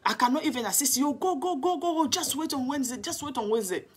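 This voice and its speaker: A man's voice: very high-pitched, expressive, fast talker, pitched above the performer's own voice. Woman putting on a curt, dismissive male case manager. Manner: curt, repeating orders.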